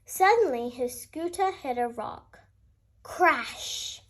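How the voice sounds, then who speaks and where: A woman reading a bedtime picture book aloud for children, in a gentle and expressive storytelling manner. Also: high-pitched, slow.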